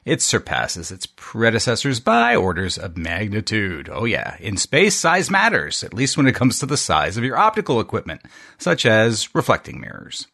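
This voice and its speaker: Man, 50s, science podcast co-host; lively, laughing delivery with a lower voice. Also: normal speed, vocal fry. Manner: lively, laughs mid-sentence, reads aloud. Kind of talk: casual science chat.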